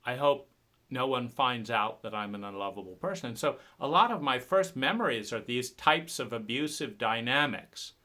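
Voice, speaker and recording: A man talking about his own painful past in an emotional, halting monologue, often repeating words and swearing when upset. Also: mid-range voice, expressive, bright, forceful tone. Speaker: speaker sharing personal story.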